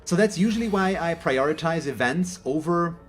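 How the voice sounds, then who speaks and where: German-born male gaming host, slightly high voice, chatty and meandering, faint music behind. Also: expressive, normal speed. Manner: rambling, self-correcting, chatty. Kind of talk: casual gameplay commentary.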